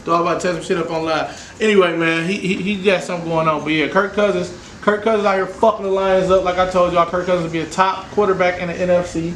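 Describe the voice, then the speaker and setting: A man hosting a podcast, a casual sports chat full of loud, joking trash talk. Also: high voice, level tone, fast, hardly any pauses. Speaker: podcast host. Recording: echoey room with faint noise.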